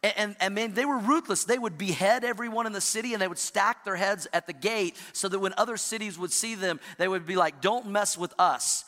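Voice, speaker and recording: A man's voice: high-pitched, a little fast, few pauses, sharp tone. A middle-aged man preaching a sermon, telling a family story with playful asides. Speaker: pastor. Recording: reverberant hall.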